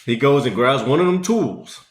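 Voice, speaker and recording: A man's voice: mid-range voice, animated, moderate pace. Man telling a story in an echoey room. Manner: rambling, conversational, many fillers. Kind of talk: casual spoken storytelling.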